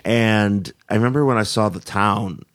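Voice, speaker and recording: Rambling young man guesting on a podcast. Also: lowish voice. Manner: rambling, halting restarts. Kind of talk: casual film chat.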